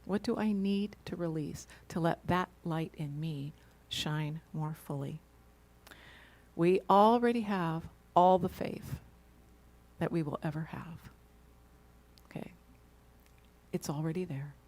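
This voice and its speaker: A woman's voice: low-pitched, takes it slowly, pauses often, darkish tone. A woman minister giving a reflective sermon, asking rhetorical questions and tagging them with "right?".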